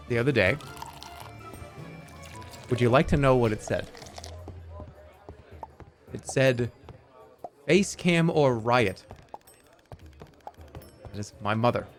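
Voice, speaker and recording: Rambling, profane man with lively pitch. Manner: rambling, profane, acts out scenes in loud voices. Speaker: streamer. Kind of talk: casual livestream chat.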